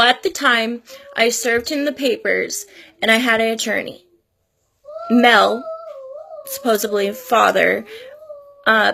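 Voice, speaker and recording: Woman in her thirties; unhurried, gravelly, teary personal vlog talk. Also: a little high, a bit bright, a little hiss or hum. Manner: tearful, earnest, pleading. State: crying at times. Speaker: vlogger.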